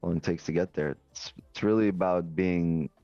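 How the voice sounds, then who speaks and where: A man's voice: sits low, fairly even intonation, fairly quick, mellow, no echo, lo-fi sound, soft background music. A man co-hosting a trading stream, explaining in a rambling way with lots of rhetorical questions. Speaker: co-host trader. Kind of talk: casual explaining.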